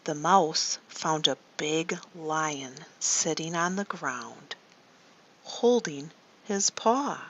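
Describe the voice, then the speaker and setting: A woman leading a guided story meditation for children, slow and soothing, often asking the listener questions. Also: sits low, lively intonation, a bit bright, a little hiss or hum. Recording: dull lo-fi recording.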